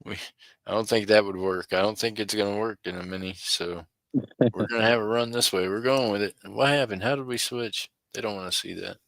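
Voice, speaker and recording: Middle-aged guy running a live auction stream, folksy and chatty, lowish voice, dry sound. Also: steady tone, brisk, gravelly, fairly bright tone, dry recording. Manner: folksy, chatty, chuckles often. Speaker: online auction host.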